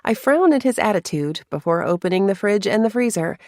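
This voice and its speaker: A woman narrating a first-person romance story in a soft, confiding way, with hushed asides. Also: mid-range voice, animated, fairly quick, no room sound, studio quality.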